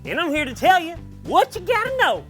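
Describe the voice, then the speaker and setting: A woman's voice: very high voice, big pitch swings, fairly quick, soft background music. A woman voicing a cheerful, playful bayou character with a Cajun Louisiana drawl in a children's church video. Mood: upbeat.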